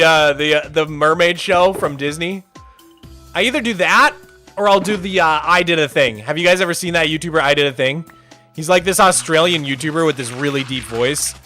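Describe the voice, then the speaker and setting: A young man chatting casually on a live stream, answering viewers as their messages come in. His voice is bright and a touch high. Soft music plays in the background. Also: moderate pace. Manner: chatty, reads chat aloud, loose restarts. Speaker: streamer host. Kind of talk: casual livestream chat.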